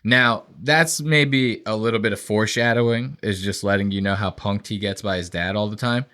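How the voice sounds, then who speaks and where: Here a young man co-hosting a podcast talks at a moderate pace in a voice on the low side. His casual chat is rambling and profane, full of storytelling and animated impressions.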